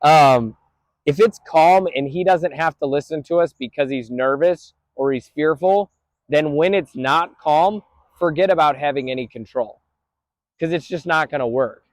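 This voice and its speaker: A man's voice: on the high side, moderate pace, no room sound. A man training a dog outdoors on a busy street, explaining his approach plainly and calling out praise to the dog. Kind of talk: outdoor training talk to camera.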